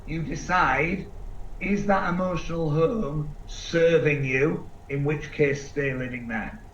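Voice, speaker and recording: A man giving an energetic seminar talk to a live audience, asking them questions and acting out quick voices. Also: a little high. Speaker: seminar speaker. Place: large event room with live audience. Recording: echoey room, distant mic, dull sound, faint background noise.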